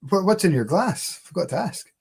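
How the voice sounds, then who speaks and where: A man's voice: high-pitched, expressive, moderate pace, vocal fry, a little mellow, breathy edge. Rambling man hosting a chat. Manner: rambling, many fillers and restarts. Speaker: podcast host. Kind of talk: casual chat.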